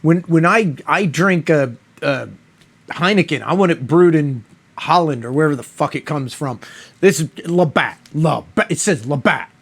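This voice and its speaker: A man's voice: on the high side, moderate pace, slightly rough. A man reviewing a beer in a casual, rambling monologue, mock-outraged and profane.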